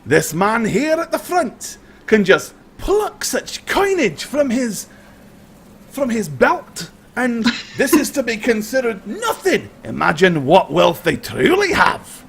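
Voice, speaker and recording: A man's voice: very high voice, big pitch swings, takes it slowly, vocal fry, a bit bright, slightly rough, pitched above the performer's own voice, full character voice. A man voicing a sly, mocking male bandit in a tabletop game, drawling with mock politeness.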